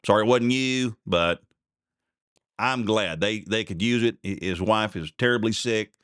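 A middle-aged man hosts a radio show, talking casually in a rambling, folksy, chatty manner and often starting over. His voice is lowish, a little slow, slightly bright and smooth, recorded cleanly in a studio with no room sound.

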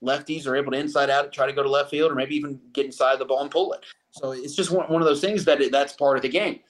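A man's voice: mid-range voice, fairly even intonation, fast talker. A man co-hosting a sports podcast, talking casually in a rambling way with many restarts.

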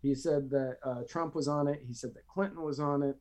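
A man's voice: on the high side, steady tone, brisk, a little mellow. Joking man reading news notes. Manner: chatty, joking, reads from notes. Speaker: podcast co-host. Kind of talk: casual news chat.

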